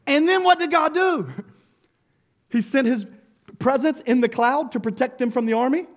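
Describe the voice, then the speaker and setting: A man preaching a sermon as pastor, animated, laughing and acting out quotes as he goes. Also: extremely high pitch.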